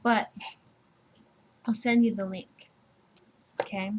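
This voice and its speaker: A woman's voice: mid-range voice, steady tone, slow pace, poor audio. A woman giving a casual personal tarot reading, chatty and laughing, swearing freely and acting out little scenes. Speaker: tarot reader.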